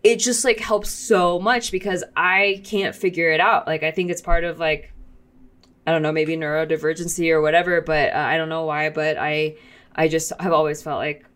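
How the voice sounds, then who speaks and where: A woman's voice: sits low, steady tone, normal speed. A woman in casual conversation, talking in a rambling, confessional way with lots of "like". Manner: rambling, heavy use of "like", soft and confessional. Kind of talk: casual chat.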